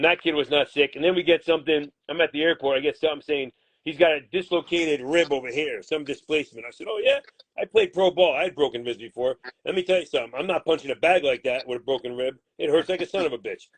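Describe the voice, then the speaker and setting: A man's voice: on the high side, no room sound. A man, a boxing manager, answering interview questions in a blunt, combative way and swearing freely.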